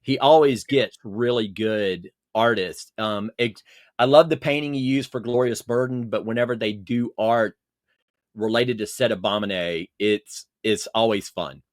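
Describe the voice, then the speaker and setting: A man's voice: fairly low pitch, measured pace, no echo, clean studio sound. A man chatting casually as a guest on a video call, rambling with many fillers and restarts. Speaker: podcast guest.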